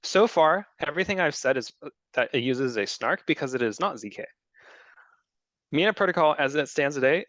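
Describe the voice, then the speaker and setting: A man's voice: mid-range voice, fairly bright tone, dry recording. Man explaining blockchain tech, dull sound. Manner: explanatory, with many ums and restarts. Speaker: presenter. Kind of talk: technical talk with audience questions.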